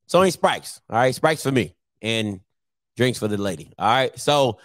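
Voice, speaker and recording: A man's voice: mid-range voice, animated, moderate pace, dry recording, studio quality. A man in his thirties hosting a sports picks show, ranting casually to camera with slang and laughing asides. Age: 30s.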